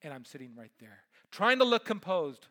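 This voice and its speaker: A middle-aged man, a pastor, preaching a sermon and telling a personal story in an animated way that swings between loud and hushed. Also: a little high, normal speed.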